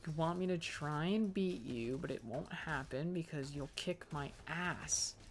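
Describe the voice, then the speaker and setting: A young host of gaming videos offers casual commentary on his own playthrough, drifting along with jokes aimed at himself. His voice is a little high and his pace measured, with a bit of hiss or hum in the audio.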